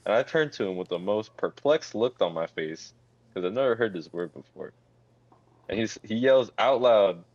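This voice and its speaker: A man's voice: lowish voice, expressive, normal speed, a little mellow, dry recording. A young man on a casual podcast, animatedly telling a funny story. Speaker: podcast co-host. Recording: dry, dull lo-fi mic.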